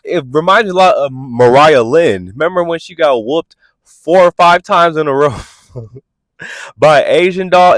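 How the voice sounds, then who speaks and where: Man, vlog host, reality TV recap, sassy, pitch swooping all over, dry close sound. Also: dry recording. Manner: animated, sassy, quick asides; acts out quotes in exaggerated voices.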